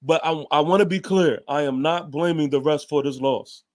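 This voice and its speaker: A man's voice: a little high, moderate pace, a little mellow. A man hosting a fan show, giving a heated, emphatic post-game rant with casual swearing and repeated points.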